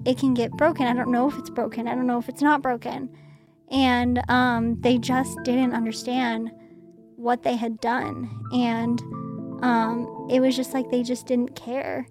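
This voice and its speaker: Young woman, casual storytelling, slightly high voice, flat delivery, lots of "like" fillers. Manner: conversational, frequent "like" fillers. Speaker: interview guest.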